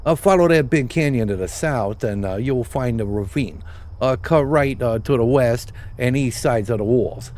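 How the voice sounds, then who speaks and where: A man voicing a fretful male goblin quest-giver, rambling with lots of halting fillers. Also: medium pitch, darkish tone, natural voice. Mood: put-upon.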